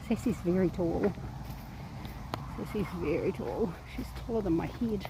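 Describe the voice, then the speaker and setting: A woman's voice: fairly low pitch, unhurried, creaky, noisy background. A woman filming a vlog outdoors on a horse farm, cooing to the horses in affectionate baby talk. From New Zealand. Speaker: vlogger. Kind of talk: casual vlog talking to horses.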